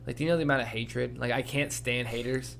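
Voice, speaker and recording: A man's voice: medium pitch, steady tone, fast, gravelly, fairly bright tone, slight background noise. A young man from Arkansas, co-hosting a podcast in casual chat, rambling and swearing as he tells stories. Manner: profane, rambling storyteller. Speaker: podcast co-host.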